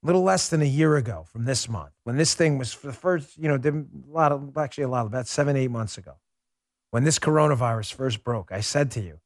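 A political talk show host speaks at medium pitch and a fairly quick pace in a clean studio recording with no echo. His fervent monologue is packed with rhetorical questions, and he calls his listeners "folks."

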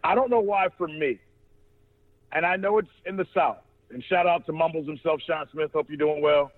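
A man's voice: on the high side, normal speed, phone-quality sound. A man hosting a sports podcast, talking in a loose, profane, rambling way with many restarts. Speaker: podcast host. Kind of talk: casual sports chat.

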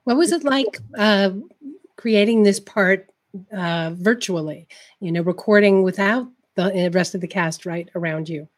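A woman's voice: medium pitch, measured pace. Woman moderator asking questions. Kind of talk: interview questions. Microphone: video call.

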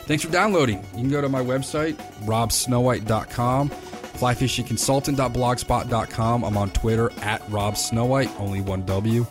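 A man with a medium-pitched, steady voice talks at a normal speed over background music, recorded on a computer. He hosts his own podcast and works as a fly fishing consultant, telling rambling, enthusiastic stories in a casual solo chat.

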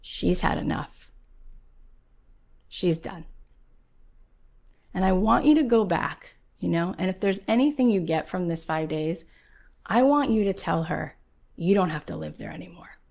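A woman's voice: on the low side, expressive, measured pace, creaky, long pauses. Middle-aged woman host, motivational speaker, intimate storyteller who pushes hard and pleads with listeners. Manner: storytelling, soft and hushed at first, then rising to urgent, pleading exhortation. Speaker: podcast host. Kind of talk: motivational talk.

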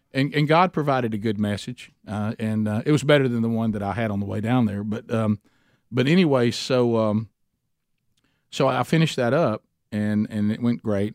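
A man's voice: mid-range voice, no room sound, studio quality. A middle-aged man, telling a rambling, self-deprecating story at a men's Bible study, with many restarts. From Alabama.

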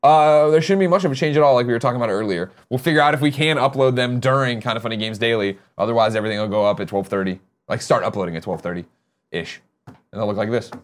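A man hosting a casual morning show, joking and swearing in fast banter, tired after a busy weekend. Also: on the low side. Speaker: show host.

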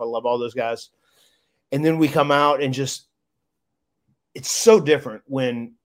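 A man speaking as an interview guest, his voice at a middle pitch. He tells his story in a loose, heartfelt way. He keeps stumbling over his words and starting again. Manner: emotional, rambling with many restarts. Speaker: guest, former wrestler.

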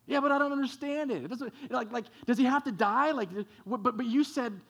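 A puzzled young questioner, as a preacher acts them out, tripping over fillers while pressing for answers. The voice rides high and rushes ahead. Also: male voice, a bit bright, slightly rough, heavily acted. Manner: hesitant, stumbling over fillers.

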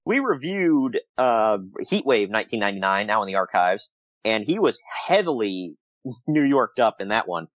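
A man's voice: fairly low pitch, normal speed, no echo, lo-fi sound. A man co-hosting a casual podcast, recapping old wrestling shows, laughing often and acting out quotes. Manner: laughs often, animated retelling with quoted asides. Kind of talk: casual chat.

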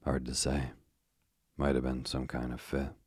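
A man reading the part of a brisk, matter-of-fact male doctor who speaks in short, clipped phrases. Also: rumbling low, monotone, breathy edge, no room sound, studio quality, heavily acted.

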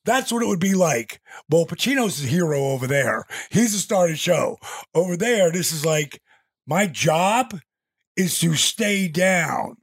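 A man in his sixties tells stories as a guest in a dry, close recording. His gravelly, slightly husky voice sits a bit high for a man and swings widely as he acts out quotes and sound effects. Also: big pitch swings, a little slow, dry recording. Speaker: interview guest. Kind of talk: casual storytelling in an interview.

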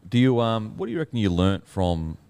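A man hosting a casual interview, asking quick chatty questions and answering with short agreements. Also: fairly low pitch, animated, darkish tone, clear, resonant tone. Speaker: podcast host, interviewer.

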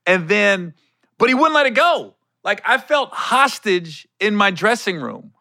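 A man hosting a podcast and telling a backstage story as a comedian, laughing often, swearing casually and acting out voices with sudden pitch jumps. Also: very animated, measured pace, bright, forceful tone, dry recording, studio quality. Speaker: stand-up comedian and podcast host. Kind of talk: animated storytelling chat.

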